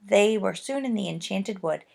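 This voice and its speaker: Gravelly woman reading a storybook. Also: medium pitch, normal speed. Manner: gentle, expressive storytelling. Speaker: reader. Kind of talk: reading a children's book aloud.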